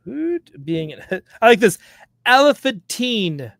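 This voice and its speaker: A man's voice: high voice, expressive, moderate pace, a bit bright, dry recording, clean studio sound. A man co-hosting a casual podcast, laughing often and reading wiki entries aloud. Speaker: podcast co-host. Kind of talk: casual chat while browsing a wiki.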